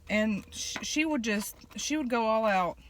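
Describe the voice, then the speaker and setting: A woman, chatting casually and telling family stories in an eat-with-me vlog, folksy, with fillers and throat clearing. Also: on the high side, slow pace, a bit bright, a little hiss or hum. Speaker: vlogger.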